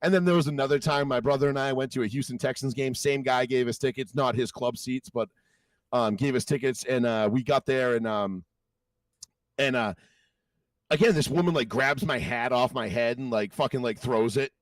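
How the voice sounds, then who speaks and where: Profane, animated man telling stories. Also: mid-range voice, moderate pace, no room sound, far from the mic. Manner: animated, profane, acts out quotes in raised voices. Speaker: podcast host. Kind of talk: casual storytelling chat.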